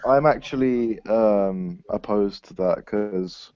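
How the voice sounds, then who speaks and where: A man's voice: on the low side, slow pace, lo-fi sound. Joking man, crowd noise behind. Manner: jokey, teasing. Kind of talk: casual group chat.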